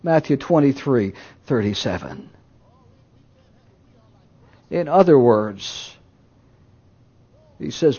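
A man preaching a sermon, moving between loud emphatic declarations and hushed low asides. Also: animated, slow pace, long pauses, husky, highs cut off.

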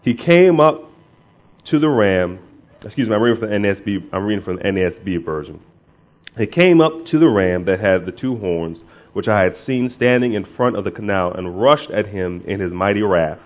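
A man's voice: on the low side, lively intonation, moderate pace. A man preaching as a pastor, speaking in a conversational way that rises into emphatic bursts, praying and reading scripture aloud. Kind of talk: sermon with prayer and scripture reading. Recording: dull lo-fi sound.

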